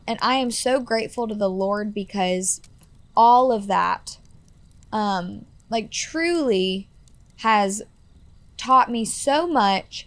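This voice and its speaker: As a podcast guest, a woman in her twenties tells a personal story earnestly, filling it with "like" and "you know". Her voice is mid-range, with no echo.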